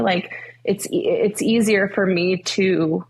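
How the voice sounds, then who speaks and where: A woman's voice: mid-range voice, fairly even intonation, slow pace, darkish tone, slightly rough. A young woman guest in a faith interview, telling her story earnestly with many fillers.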